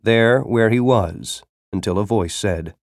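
A man narrating a story in a dramatic reading style, breaking into urgent, shouted dialogue. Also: fairly low pitch, measured pace, no echo, studio quality. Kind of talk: audiobook narration.

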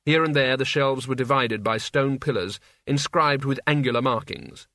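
A man narrating a story in a steady, measured voice. His pitch is mid-range and the recording is close and dry. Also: no echo. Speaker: audiobook narrator. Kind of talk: scripted narration.

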